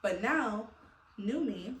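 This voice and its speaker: A woman's voice: mid-range voice, animated, takes it slowly, fairly bright tone. A woman vlogger venting casually to her viewers, rambling with many fillers and laughing between thoughts. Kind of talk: casual heartfelt venting to camera. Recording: echoey room, a little far from the mic.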